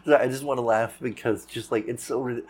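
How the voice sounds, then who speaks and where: A man's voice: mid-range voice, steady tone, a little fast, a little mellow, husky. A man hosting a casual podcast interview, rambling, swearing freely, laughing often and searching for words. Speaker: podcast host.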